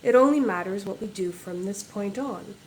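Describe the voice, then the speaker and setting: A woman's voice: mid-range voice, moderate pace, a little hiss or hum, close to an everyday voice, low-quality recording. A woman reading aloud, voicing a commanding noblewoman near forty with a detached, haughty manner.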